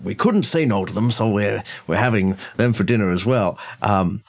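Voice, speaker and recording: Game master, man, hesitant narration, animated pitch. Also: normal speed, background noise. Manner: hesitant narration with fillers and laughs. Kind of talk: narrating a tabletop horror game.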